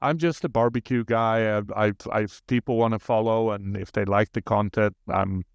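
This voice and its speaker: A man's voice: lowish voice, fairly even intonation, normal speed, vocal fry, smooth, dry recording. A man from Sweden with a Swedish accent, a guest on a podcast, talking in a humble, earnest way with frequent restarts. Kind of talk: casual interview chat.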